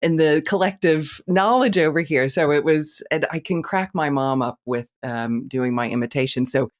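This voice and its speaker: A woman's voice: low voice, moderate pace. Thoughtful woman on a podcast. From United States. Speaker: in-house therapist guest. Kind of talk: casual chat.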